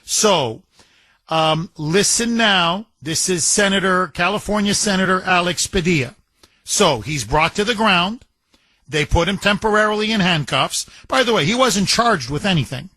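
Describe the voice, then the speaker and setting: A man hosting political talk radio in a high, bright, forceful voice. He hammers his points and repeats phrases for emphasis. The studio sound is close and dry. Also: moderate pace, no room sound. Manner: emphatic, repetitive, animated retelling with quoted voices. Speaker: radio talk show host.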